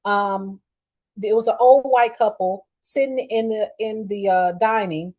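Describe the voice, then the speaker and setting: A middle-aged woman hosting a show, telling a story in a casual, blunt and profane way with lively swings in her voice. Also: mid-range voice, unhurried, low-quality recording. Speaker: podcast host.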